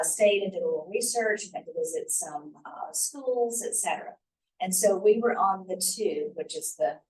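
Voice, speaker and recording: A middle-aged woman from Mississippi, telling stories in a chatty, animated way while she leads a study-abroad information session. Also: lowish voice, recorded from a distance, low-quality recording. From Mississippi, USA. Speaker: faculty trip leader.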